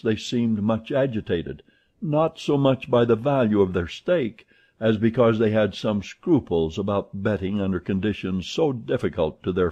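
Husky male audiobook narrator, lo-fi. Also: on the low side. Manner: steady, plain reading. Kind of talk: audiobook reading. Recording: dull lo-fi recording.

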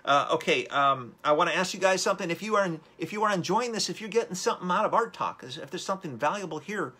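A man's voice: high-pitched, lively intonation, fast, sharp tone, slightly rough. A man hosting a live-streamed motivational talk, upbeat and rambling as he urges viewers on. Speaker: host.

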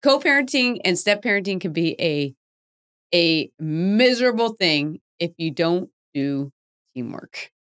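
Woman host in her 40s, chatty and self-mocking, somewhat low voice. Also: animated, unhurried, fairly bright tone, clean tone. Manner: chatty, laughs often, self-deprecating. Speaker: podcast host. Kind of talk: casual chat.

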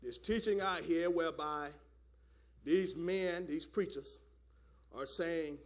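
A man's voice: on the high side, slow, long pauses. A man preaching a fiery sermon at a church service, hollering and repeating "my God, man". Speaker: elder preaching.

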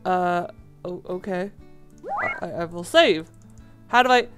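A woman's voice: fairly low pitch, takes it slowly, music in the background. A woman hosting a let's play, chatting casually and rambling with lots of fillers.

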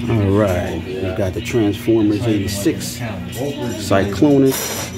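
A man's voice: lowish voice, slow, over loud music. A man filming a casual toy-hunting vlog on a handheld camera, swearing a lot and ranting heatedly. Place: convention floor and stores, indoors.

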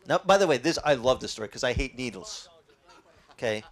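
A male pastor preaching a sermon in a lively, conversational way, quizzing his audience. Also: mid-range voice, fairly quick.

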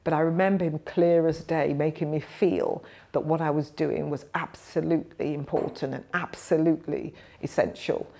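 Woman, 50s, low voice; guest telling animated personal stories. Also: gravelly. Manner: animated, acts out quoted voices. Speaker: guest, nursing professor. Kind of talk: reflective storytelling.

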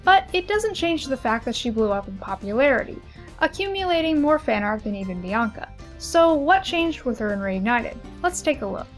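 A young woman giving an expressive, analytical video essay commentary with lively emphasis. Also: sits high, normal speed, soft background music.

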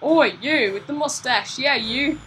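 A woman voicing a smug male ghost who collects jars and taunts the player, in a mock rough accent. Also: sits high, a little slow, fairly bright tone, soft background music, rough recording. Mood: taunting.

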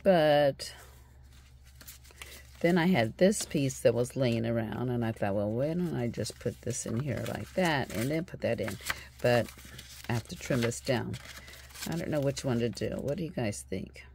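A woman's voice: extremely low pitch, lively intonation, a little slow, a little mellow, a little hiss or hum. A woman hosting a crafting video, chatting casually as she shows her journal and thinks aloud with fillers, sounding tired and yawning.

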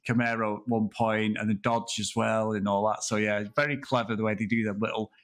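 A man's voice: fairly low pitch, level tone, fairly quick. A man chatting casually about a film on a podcast, rambling and laughing, swearing freely.

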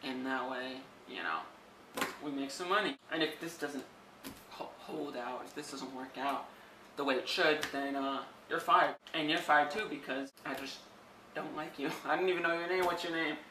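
A man's voice: a little high, moderate pace, bright, forceful tone. A man playing a self-absorbed, impatient movie studio boss who whines dramatically. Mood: bossy. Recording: echoey room, distant from mic, faint background noise.

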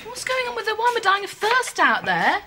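An actress playing a candid, sociable woman hosting a party, brisk and teasing in a studio sitcom. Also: extremely high pitch, wildly swooping pitch, very noisy, exaggerated voice. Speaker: hostess. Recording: studio sitcom with loud audience laughter.

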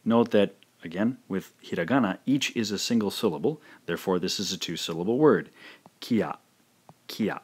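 A man's voice: low voice, expressive, darkish tone, slightly rough. A man teaching a language lesson, carefully pronouncing syllables one by one in a scripted instructional narration. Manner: slow, careful syllable-by-syllable pronunciation drills.

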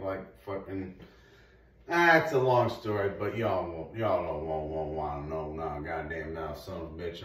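A man rambling through a crude comic monologue, profane and laughing at himself. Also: low voice. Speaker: vlogger. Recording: roomy echo, far from the mic.

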